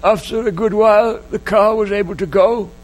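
A man's voice: high-pitched, steady tone, normal speed. A man preaching a sermon, telling a story in an emotional way and repeating key phrases. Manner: emotional, repetitive, dwells on phrases.

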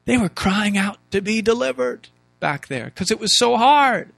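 A man's voice: high voice, expressive, normal speed, creaky, fairly bright tone, no room sound. A man preaching a sermon, reading scripture aloud and mimicking complaining voices, with emphatic rhetorical questions.

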